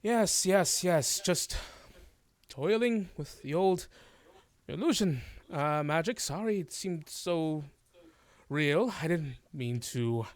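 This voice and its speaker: A scheming male elf author who gloats in a raised, ringing, theatrical voice , as a man puts him on for a tabletop game. He is fawning and wordy, with every line pitched well above a normal speaking voice and pushed out loudly. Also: lively intonation, slow pace, no room sound. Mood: gloating.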